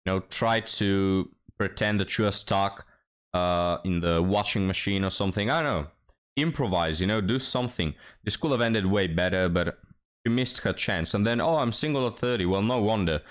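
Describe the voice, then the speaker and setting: A man's voice: sits low, moderate pace. A young man hosting a reaction commentary video, mocking and sarcastic as he talks to his viewers. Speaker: commentary channel host.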